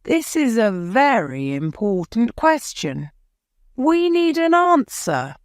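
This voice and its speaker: A woman's voice: fairly high pitch, big pitch swings, slow pace, clear, resonant tone, dry recording, clean studio sound, voice pushed up. A woman voicing a male defence lawyer who questions a witness firmly. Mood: probing. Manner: firm, probing questions.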